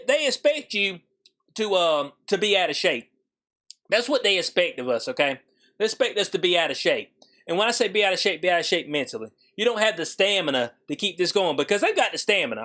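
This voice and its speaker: A man's voice: high-pitched, fairly bright tone. A man giving casual, sarcastic news commentary, slangy and profane.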